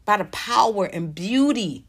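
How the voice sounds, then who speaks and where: A woman in her fifties delivers pop culture commentary, her pitch leaping and dropping all over the place. She is emphatic and blunt, swearing freely as she reacts to posts she reads aloud. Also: animated, a little slow, fairly bright tone, breathy edge. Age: 50s. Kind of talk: animated commentary vlog.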